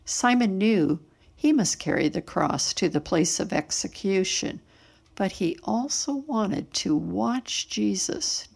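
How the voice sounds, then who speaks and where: A woman narrating a Bible story in a steady, earnest storytelling manner. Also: mid-range voice, takes it slowly, creaky.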